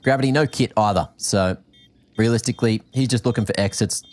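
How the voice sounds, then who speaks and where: A man from Australia with an Australian accent, calling esports play-by-play with quick, excited reads of the action. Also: lowish voice. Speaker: esports caster. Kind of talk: play-by-play commentary.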